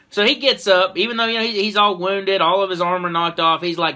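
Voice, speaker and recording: A man giving a casual anime episode review, excitable and swearing freely as he retells a fight. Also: sits high, brisk, hardly any pauses.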